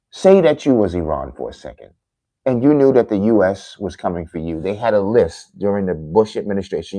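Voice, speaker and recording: A man's voice: medium pitch, a little mellow, dry recording, low-quality recording. Heated, lecturing man ranting to viewers. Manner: heated, lecturing, repeats "listen" and addresses viewers directly. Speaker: livestream political commentator. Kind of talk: impassioned political rant to a live audience.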